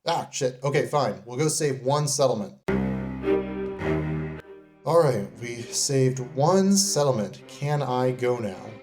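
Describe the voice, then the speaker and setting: A man's voice: medium pitch, animated, takes it slowly, long pauses, music in the background. Wry, sarcastic man narrating. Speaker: video creator reviewing game companions. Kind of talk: comedic scripted narration.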